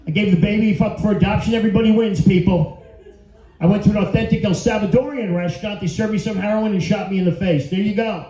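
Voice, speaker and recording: A man's voice: high voice, steady tone, quick pace, dark tone. A middle-aged man doing a crude, brash stand-up set with crowd work in a comedy venue. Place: comedy venue before a live audience. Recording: roomy, dull live club recording.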